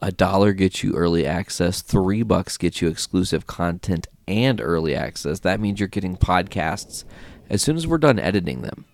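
A young man hosts a casual podcast in a very deep voice, recorded close and dry. He talks in an animated, joking way and swears freely. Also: normal speed, gravelly, dry recording. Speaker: podcast host. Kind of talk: casual chat.

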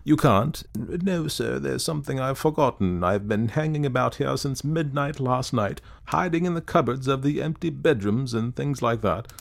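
Brief: male reader voicing a timid young male ghost, apologetic and flustered, pitched high above the narration. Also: lively intonation, normal speed, creaky, few pauses. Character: weak, silly, aimless young male ghost.

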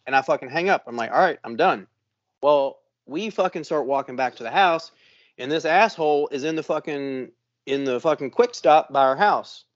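Cursing podcast co-host, storyteller type, slightly high voice, dry, dull lo-fi sound. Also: male voice, no echo. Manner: profane, animated storyteller acting out quotes. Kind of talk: casual storytelling chat.

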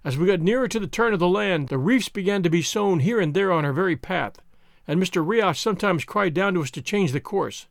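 A man hosting and narrating an audiobook with a steady, expressive reading. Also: high-pitched, a little fast, creaky, no room sound, clean studio sound.

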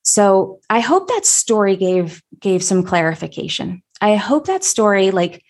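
A woman telling a personal story in a reflective, conversational way, pausing often with fillers. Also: mid-range voice, big pitch swings, a little mellow.

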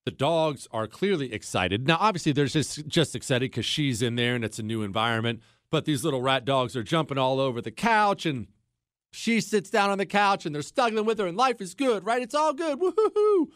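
A man's voice: medium pitch, brisk, no echo, clean studio sound. A man hosting a podcast, telling a long story in a casual, joking way and talking straight to his listeners. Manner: animated, jokey, addresses listeners directly. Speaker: podcast host.

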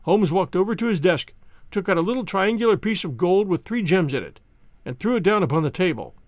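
Expressive male audiobook narrator. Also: high-pitched, fairly quick, dry recording, studio quality. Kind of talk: scripted narration.

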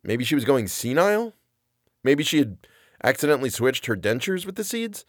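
A man's voice: medium pitch, sing-song, normal speed, no room sound, studio quality. A man narrating a comedic first-person story in a wry, self-deprecating, rambling way.

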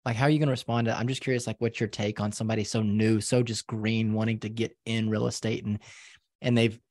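A slangy, joking man co-hosts a podcast in a low, gravelly voice. His banter sounds fired-up and casual. The recording is dead dry and close. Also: flat delivery, quick pace, darkish tone, no room sound. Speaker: podcast co-host.

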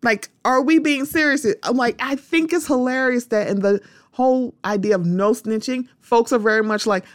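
A woman's voice: on the high side, moderate pace, dry recording. Outspoken woman podcaster, dry close sound. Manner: animated, repeats "the thing about it is", talks straight to listeners. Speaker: podcast host. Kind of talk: casual opinion monologue.

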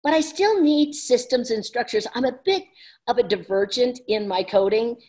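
An energetic woman coach chats at a brisk pace with a slightly high voice. She laughs easily as she talks. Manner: fast, energetic, laughs often. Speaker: business coach. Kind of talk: casual conversation.

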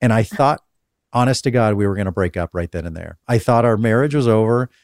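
A man hosting a casual conversational interview, telling stories in a calm, even-keeled way. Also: lowish voice, fairly quick, no room sound, clean studio sound. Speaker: podcast host interviewing guests.

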